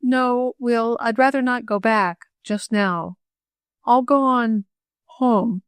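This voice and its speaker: A woman's voice: steady tone, slow pace, clean tone, dry recording. A woman voicing a shy, tearful teenage girl who stammers and hesitates, in an audiobook reading. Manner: stammering, hesitant, low-voiced.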